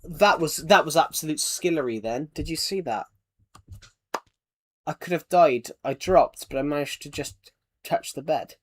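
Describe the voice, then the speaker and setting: A man's voice: a little high, lively intonation, measured pace. A man with an English accent chatting casually on a gaming live stream, often repeating and restarting his phrases while he answers chat.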